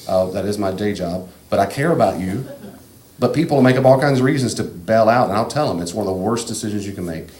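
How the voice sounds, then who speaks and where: Man, very low voice, earnest preacher, emphatic, roomy echo, faint background hiss. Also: a little mellow. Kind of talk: sermon-style teaching talk. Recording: echoey room, faint ambient noise.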